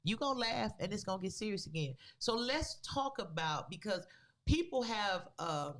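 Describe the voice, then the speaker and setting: Animated storytelling woman podcast host. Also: mid-range voice, moderate pace. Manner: animated, acts out the people in her story; casual vernacular phrasing. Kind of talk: casual storytelling chat.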